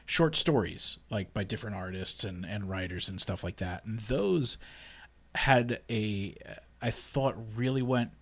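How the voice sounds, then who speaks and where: A man's voice: lowish voice, fairly bright tone. A man co-hosting a podcast in casual chat, often restarting and filling with um and uh. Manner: halting, repeats words, fills with um and uh. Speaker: podcast co-host, theater director.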